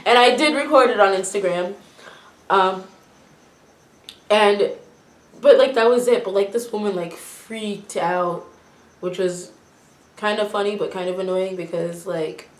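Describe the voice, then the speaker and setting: A young American woman from Florida chatting with her roommates, telling a story with lively, shrieking acted-out quotes. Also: medium pitch, unhurried, pauses often, reverberant. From Florida, USA. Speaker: vlogger. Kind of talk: casual chat, mukbang.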